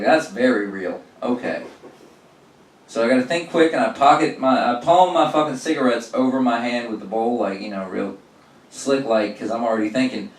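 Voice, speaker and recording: Profane man telling stories from a distance. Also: medium pitch. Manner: profane, animated storytelling with acted-out quotes. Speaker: stand-up comedian. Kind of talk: stand-up storytelling. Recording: roomy sound from a distance.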